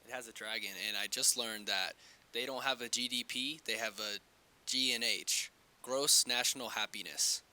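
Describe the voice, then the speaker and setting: A man with a very bright, sharp voice, eagerly explaining a fun fact in a comedy interview. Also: medium pitch, fairly even intonation, moderate pace.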